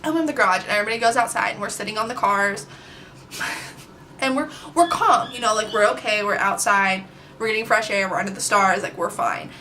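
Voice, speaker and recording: A young adult woman telling a story on her vlog, chatty and animated, with plenty of filler words. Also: medium pitch, fairly quick, slight background noise. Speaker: vlogger. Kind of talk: casual storytime.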